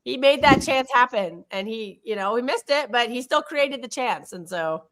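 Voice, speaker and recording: Lively, animated woman hosting a fan stream. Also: on the high side, moderate pace. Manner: animated, swears freely, flustered with the screen-share. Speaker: stream host. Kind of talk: casual fan-stream chat.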